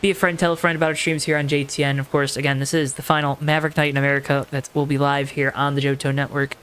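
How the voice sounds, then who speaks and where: A man's voice: mid-range voice, fairly bright tone, a little hiss or hum. A man hosting a live sim racing broadcast from the booth, playful and chatty, talking straight to viewers. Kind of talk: live race commentary. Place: commentary booth.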